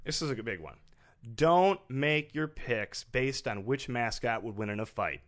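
A man's voice: medium pitch, animated, unhurried. A man co-hosting a casual comedy podcast, reading out mock rules with wry jokes. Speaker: podcast co-host.

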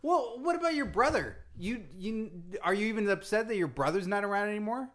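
A man's voice: high voice, lively intonation, fairly quick, a bit bright. Exasperated male comedy podcast host. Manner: exasperated straight man, laughing often.

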